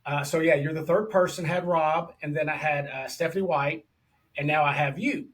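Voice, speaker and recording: Man, podcast host, enthusiastic, casual, slightly high voice. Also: steady tone, moderate pace, a bit bright. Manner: chatty and enthusiastic, calls guest brother. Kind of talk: casual interview chat.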